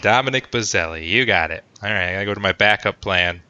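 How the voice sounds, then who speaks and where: A man's voice: on the low side, fast, pushed and bright, smooth, no room sound. A man hosting a casual sports podcast, joking and rambling with lots of fillers. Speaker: podcast host. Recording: dull lo-fi sound.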